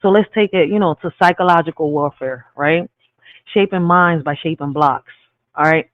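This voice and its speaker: High-voiced man hosting a live stream. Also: normal speed, no room sound, phone-quality sound. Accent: Spanglish. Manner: peppers talk with "all right?" and "real shit". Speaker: livestream host. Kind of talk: casual live-stream commentary.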